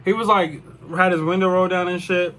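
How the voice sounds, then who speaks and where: A man's voice: high voice, fairly even intonation, fairly quick, sharp tone, a little hiss or hum. A young man telling a personal story in a casual, rambling way, full of swearing and "like". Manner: rambling, profane, lots of "like". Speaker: vlogger.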